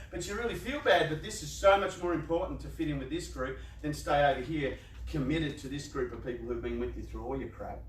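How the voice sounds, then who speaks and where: A high, fairly bright voice belongs to a youth organisation speaker giving a motivational talk to a live audience in a large room. He keeps it conversational and playful, laughing a lot and voicing what people think to themselves. The room is echoey, and he's recorded from a distance.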